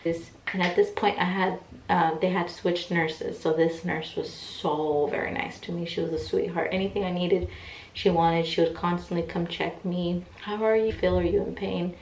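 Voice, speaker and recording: A young woman telling a personal story in a casual, animated way, acting out what people said. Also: lowish voice, normal speed, a little hiss or hum. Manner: chatty, animated retelling with quoted voices. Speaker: vlogger. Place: room at home, in pajamas. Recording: echoey room, mic set back.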